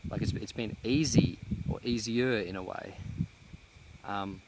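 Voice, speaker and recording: A man vlogging outdoors in a cleared pine forest, talking in a reflective, halting way with many restarts, a little out of breath. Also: lowish voice, very noisy. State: slightly out of breath. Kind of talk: casual vlog monologue. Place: outdoors in a cut-down pine plantation.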